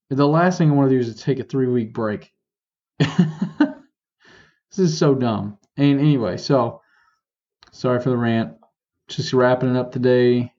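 A man's voice: mid-range voice, warm tone, dull audio. A young man hosting a podcast, ranting in a frustrated, exasperated way and correcting himself as he goes. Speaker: podcast host. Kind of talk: casual ranting commentary.

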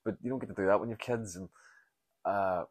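Northern Irish man in his forties, very low voice, dry close sound, rambling solo podcast, sweary and self-deprecating. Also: fast, breathy edge, no room sound. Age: 40s. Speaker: comedian podcast host.

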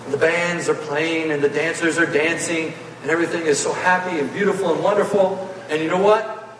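A man preaches with folksy, animated storytelling, his voice a little on the high side. He is heard from some distance in a large hall with long reverb, and faint ambient sound sits underneath. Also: moderate pace, slight background noise. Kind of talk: sermon storytelling. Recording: echoey hall, voice from afar.

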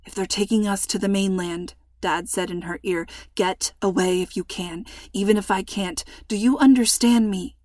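A woman voicing a calm, protective father in a storybook reading, with a raspy, hushed and steady voice. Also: high voice, normal speed, hardly any pauses, no room sound, studio quality, lightly acted. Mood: urgent hushed. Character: worried protective father, calm under threat.

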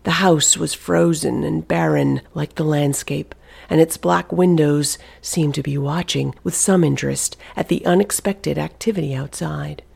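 A narrator reading a suspenseful novel aloud, in a hushed delivery that often drops to a whisper. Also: mid-range voice, steady tone, a little slow, gravelly, slightly rough. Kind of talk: audiobook narration.

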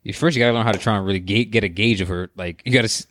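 A man's voice: on the low side, rapid-fire, a bit bright, no echo, clean studio sound. A man co-hosting a podcast, telling stories in casual banter and acting out what people said. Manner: storytelling, acts out quotes, laid-back. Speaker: podcast co-host.

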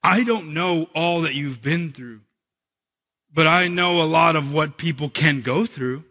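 Male pastor, animated storyteller, high husky voice, preaching a sermon. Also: measured pace. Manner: animated storyteller, humorous then earnest.

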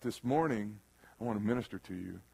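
A man preaching a sermon in a church room, who moves from loud bursts to quiet, earnest passages and acts out the voices he quotes. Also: fairly low pitch, a little fast, vocal fry, slightly rough. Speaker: pastor.

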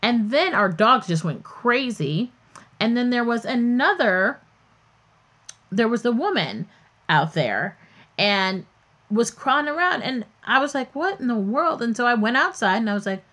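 A woman's voice: on the high side, very animated, measured pace, fairly bright tone. A woman hosting a podcast, telling a story in a candid, chatty way that often wanders off topic. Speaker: podcast host. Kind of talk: casual storytelling.

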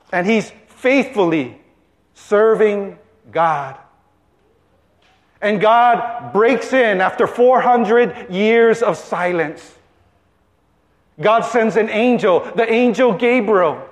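A man's voice: sits high, takes it slowly, pauses often. A male pastor preaching a sermon in a playful storytelling manner.

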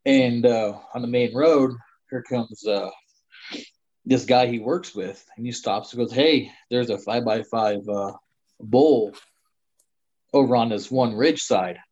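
A middle-aged guest storyteller recounts a long personal hunting experience in casual conversation, meandering with plenty of fillers. He sounds unhurried, mid-range and a little mellow. The lo-fi audio is slightly dull.

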